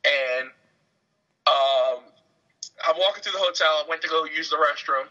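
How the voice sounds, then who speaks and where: Animated young man telling stories. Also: fairly high pitch, normal speed. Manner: animated storyteller, acts out quotes. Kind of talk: casual chat. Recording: dull lo-fi webcam audio.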